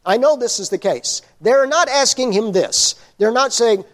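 A middle-aged man preaching a sermon, telling Bible stories with lively acted-out shouts and hushed endings. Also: extremely high pitch, normal speed. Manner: animated storyteller, acts out disciples' shouts, drops to hushed tones.

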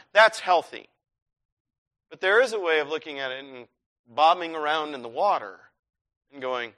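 A man preaching a sermon, telling a personal story with lively swings from hushed to shouted. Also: high-pitched, moderate pace, pauses often.

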